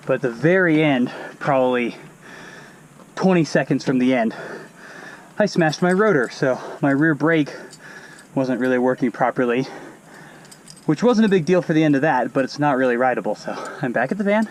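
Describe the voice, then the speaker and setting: A man's voice: mid-range voice, expressive, moderate pace, slight background noise. A man vlogging between mountain bike race runs in casual, self-deprecating commentary, often laughing at himself, recorded outdoors at a race venue. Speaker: enduro mountain bike racer.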